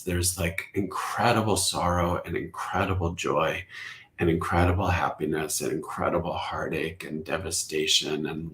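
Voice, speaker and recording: Man, Zen teacher, deep voice, unhurried, soft-spoken, contemplative, occasional whispers. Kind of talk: reflective podcast conversation.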